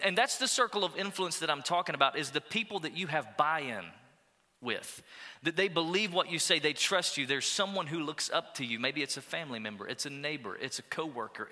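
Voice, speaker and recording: A man preaching a sermon as pastor, energetic and urging, with call-and-response asides to the congregation. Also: a little high, long reverb tail. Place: church auditorium.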